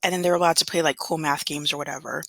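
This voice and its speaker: A woman from Southern California, a substitute teacher, telling a story to camera in a chatty, rambling way with fillers and throat clearing. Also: deep voice, fairly even intonation, fast talker, a bit bright, no echo. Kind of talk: casual storytelling vlog.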